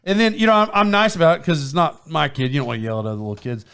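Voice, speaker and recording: A man hosting a podcast, telling a story in casual chat, rambling and animated, often laughing and restarting his sentences. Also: a little high, rapid-fire, creaky, smooth. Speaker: podcast host. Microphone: microphone with foam windscreen.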